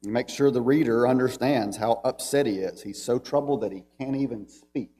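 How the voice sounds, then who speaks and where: In a church Bible class, a Southern American man speaks conversationally at a moderate pace, reading scripture aloud with emphasis. His pitch is medium and his tone warm, and there's a little hiss or hum.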